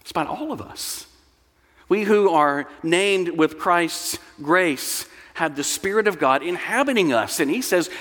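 A man's voice: a little high, lively intonation, measured pace, a bit bright, big-room sound. A man preaching a sermon as pastor, earnest and explanatory with storytelling asides, in a church sanctuary.

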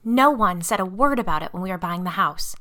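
A woman's voice: fairly low pitch, animated, a little fast, fairly bright tone. A woman reading a horror story aloud, voicing a frightened mother who speaks in a heated, emphatic way that keeps rising. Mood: indignant. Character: frightened, indignant mother, worn down and angry.

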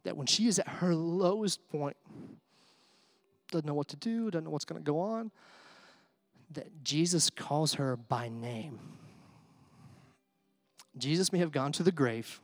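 A man preaching an Easter sermon in a conversational way, with asides and fillers, swinging from hushed to excited. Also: fairly high pitch, measured pace, pauses often, no room sound. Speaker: pastor.

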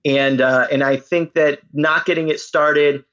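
A man's voice: a little high, steady tone, a little slow, a bit bright, muffled recording. A man chatting playfully as a podcast guest, laughing easily. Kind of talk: casual interview chat.

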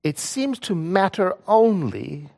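A man's voice: high-pitched, big pitch swings, slow pace, gravelly, darkish tone. A man who works as a prayer practitioner, telling a personal story in a spiritual talk, earnest and rising to emphatic points.

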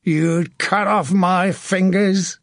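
Man doing a frenzied, shouting medieval archer. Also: high-pitched, steady tone, very slow, no echo, studio quality, voice pushed up, exaggerated voice. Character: blood-crazed male medieval archer, savage.

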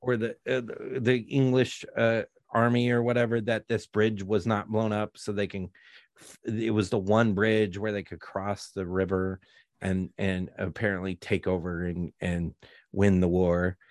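A man's voice: on the low side, level tone, measured pace, a little mellow, no room sound, clean studio sound. A man co-hosting a podcast, chatting casually about a movie in a rambling, sardonic way. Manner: rambling, self-interrupting, sardonic. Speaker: podcast co-host. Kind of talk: casual movie review chat.

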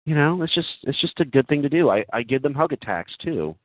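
A man doing comedic, earnest role-play for an online group chat. He talks in a gentle, overly earnest way, full of giggles and ums. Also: mid-range voice, sing-song, brisk, no echo. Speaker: comic prankster addressing an online group chat. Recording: tinny phone-like sound, dry.

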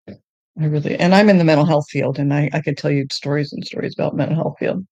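A woman telling her faith testimony in a podcast conversation, earnest and emotional, often halting and restarting. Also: lowish voice, steady tone, warm tone, no room sound. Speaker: guest sharing her testimony.

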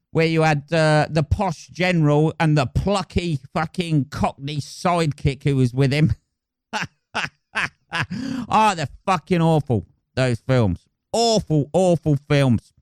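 A man's voice: a little high, no echo, clean studio sound. A young man hosting a podcast, rambling crudely and swearing in a casual comic monologue. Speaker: podcast host. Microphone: close podcast mic.

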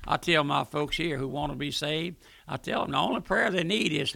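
High, gravelly older radio preacher. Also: male voice, a little slow, pushed and bright. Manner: folksy, earnest preaching with rising emphasis. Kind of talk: radio sermon. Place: radio studio.

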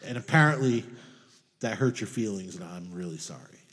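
A man's voice: fairly low pitch, animated, normal speed, a bit bright, in a large hall. A man co-hosting a fantasy football podcast, bantering in casual chat with jokes and mock-earnest apologies. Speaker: podcast co-host.

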